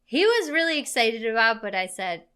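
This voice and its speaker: A woman with a higher-pitched, bright voice talking through a film review with her co-host. Her manner is casual and chatty, and laughter often creeps into her words. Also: big pitch swings, moderate pace, clean tone. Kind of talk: casual chat.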